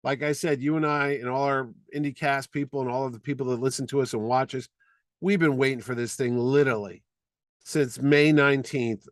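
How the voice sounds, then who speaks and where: A man's voice: mid-range voice, fairly even intonation, brisk, no room sound. A man co-hosting a podcast, chatting casually and ranting with strong opinions. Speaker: podcast co-host. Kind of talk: casual chat.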